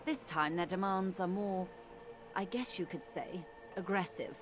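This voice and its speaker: A woman voices a poised middle-aged negotiator for a video game, keeping her formal character composed and measured with polished diction. Her own voice sits on the low side, close to everyday, with a steady tone and music in the background.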